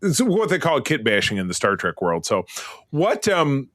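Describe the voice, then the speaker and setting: A man's voice: medium pitch, sing-song, a bit bright, no room sound, studio quality. A man hosting a podcast, chatting casually, joking and asking follow-up questions. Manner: joking, quick to laugh, asks follow-up questions. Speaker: podcast host.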